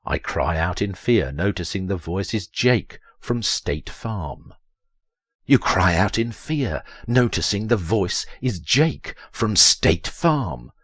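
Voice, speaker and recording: Man, theatrical narrator, text adventure reading, unhurried delivery, dry close sound. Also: a bit bright, husky, no room sound. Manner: theatrical, leaps to high strained pitch on quoted lines. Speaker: voiceover narrator.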